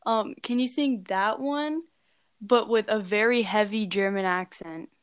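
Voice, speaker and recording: A woman's voice: mid-range voice, measured pace, clean tone, dry recording, studio quality. A woman co-hosting a casual podcast, teasing her co-host, giggling and swearing casually.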